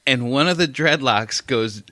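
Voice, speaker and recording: A man's voice: measured pace, no echo. A man co-hosting a podcast, telling stories casually, often laughing and swearing. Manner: animated storytelling, acting out others with high squeaky voices. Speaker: podcast co-host. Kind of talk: casual chat.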